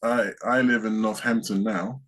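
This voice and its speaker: A man from the UK co-hosting a casual podcast, rambling in asides with dry, dark jokes. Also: fairly low pitch, steady tone, normal speed, low-quality recording. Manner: dry, rambling, darkly joking. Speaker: co-host.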